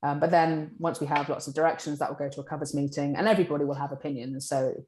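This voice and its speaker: A woman in a publishing role, answering interview questions in a chatty, animated way. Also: low voice, fast, slight background noise. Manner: chatty, animated, acts out colleagues' lines. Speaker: publishing director. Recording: echoey room.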